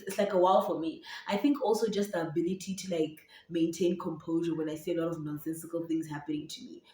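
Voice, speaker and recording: A woman's voice: fairly low pitch, warm tone. Chatty young Zambian woman with a Setswana twang. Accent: Setswana-tinged English. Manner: chatty, rambling, many fillers and restarts. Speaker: YouTuber and podcaster. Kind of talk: casual sit-down vlog chat. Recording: roomy echo, voice from a distance.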